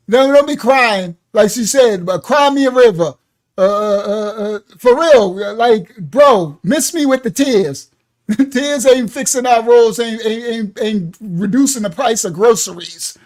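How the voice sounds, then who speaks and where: Loud animated man, livestream host. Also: very high voice, slow. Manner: animated, loud, laughs often. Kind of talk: live reaction commentary. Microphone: own microphone.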